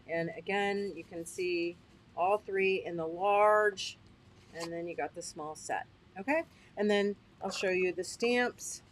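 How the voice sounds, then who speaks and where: Chatty woman showing craft products. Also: medium pitch. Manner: chatty and upbeat, checks in with listeners; often laughs at herself. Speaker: host. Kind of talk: casual livestream product demo.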